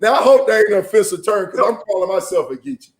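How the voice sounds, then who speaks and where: A man from South Florida co-hosting a casual sports talk show, animated and joking, often exclaiming. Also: sits high, fast talker, reverberant. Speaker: co-host.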